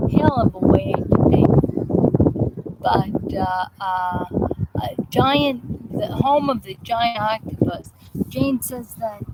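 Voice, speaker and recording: A slow, meandering woman's voice with a slightly high pitch, chatting to a live audience in a halting way with lots of restarts. She is recorded outdoors with heavy background noise and passing vehicles. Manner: rambling, halting, many restarts and fillers. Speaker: host of a live viewer chat show. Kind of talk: casual live-stream chat.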